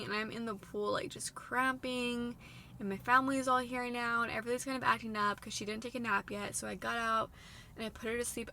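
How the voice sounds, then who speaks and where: A young woman in her twenties telling a personal story in a long, run-on way, full of "like", her voice going soft at hard moments. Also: on the high side, gravelly, a little hiss or hum. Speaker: vlogger sharing a personal story.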